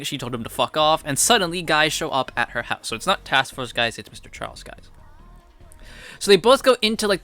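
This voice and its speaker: A man's voice: medium pitch, a bit bright, clear, resonant tone. A young man recapping a TV episode in a casual, rambling monologue, blunt and full of swearing. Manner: profane, blunt, rambling with fillers. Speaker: TV episode reviewer.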